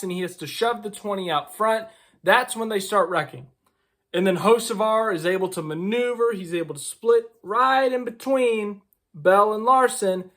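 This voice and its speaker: A man with a notably high voice talks through a race in a relaxed, conversational commentary. He is opinionated and rambles into asides as he goes. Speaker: racing commentator. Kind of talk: casual video commentary.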